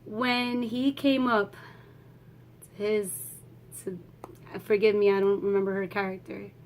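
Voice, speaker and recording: A woman's voice: mid-range voice, little pitch movement, unhurried, a little hiss or hum. A woman giving a casual, emotional movie review vlog, swearing freely and laughing as she talks.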